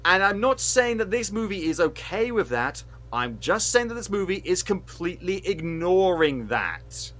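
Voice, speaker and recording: Animated, sweary man ranting. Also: high-pitched, moderate pace, few pauses. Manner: heated, sweary, sarcastic ranting. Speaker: podcast co-host reviewing films. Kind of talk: casual podcast rant.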